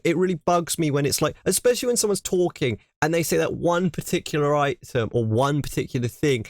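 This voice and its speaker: A man's voice: on the high side, no echo, studio quality. An English man reacting to a video on his stream, ranting animatedly and repeating himself in casual chat.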